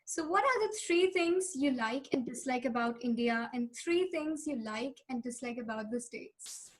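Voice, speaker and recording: A woman's voice: high-pitched, normal speed. A woman hosting a podcast, asking short questions and backing the guest with mm-hmms. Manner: brief prompts and steady mm-hmms. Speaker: podcast host. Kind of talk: casual interview questions.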